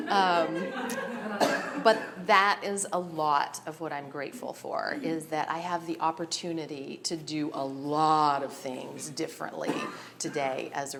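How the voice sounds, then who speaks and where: A woman's voice: sits low, vocal fry, heavy background noise. A woman giving a personal share at a recovery meeting, nervous and emotional, often breaking into laughter as she speaks candidly.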